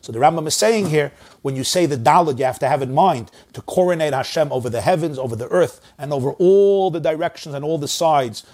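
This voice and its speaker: A man with a slightly raised, husky voice teaches a religious text line by line. He reads each Hebrew phrase in an Ashkenazi pronunciation, then explains it in English and repeats words slowly as examples. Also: fairly high pitch, a little mellow. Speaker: Torah teacher.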